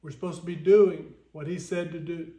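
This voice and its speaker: A Southern American man preaching a Sunday sermon in a high, light voice. He talks in an earnest, folksy way and reads scripture aloud. His voice rings around a reverberant church room. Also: steady tone, moderate pace, mellow.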